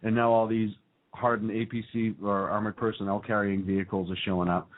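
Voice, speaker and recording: A man's voice: on the low side, flat delivery, fairly quick. Talk radio co-host, male, rambling with ums, tinny narrow sound. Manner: rambling, reads lists with fillers. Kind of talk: casual talk radio chat. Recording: phone-like narrow band.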